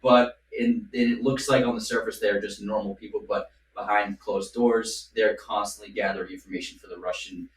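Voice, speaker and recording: A man's voice: lowish voice, fairly even intonation, normal speed, hardly any pauses. Playful man, distant and echoey. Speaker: podcast host. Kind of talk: casual podcast chat. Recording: echoey room, distant mic, faint noise.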